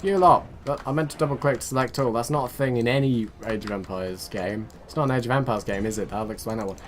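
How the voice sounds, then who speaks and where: A man's voice: medium pitch, quick pace, slight background noise. A young man rambling to himself as he gives casual commentary on a strategy game he is playing. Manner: rambling, chatty, talks to himself. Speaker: let's play host.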